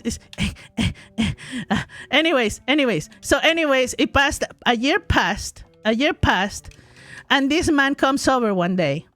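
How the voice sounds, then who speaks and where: A woman in her forties streams a game while telling her chat a long story, animated and exaggerated, packed with asides and repeated phrases. Her voice is high-pitched, and the recording has no room sound.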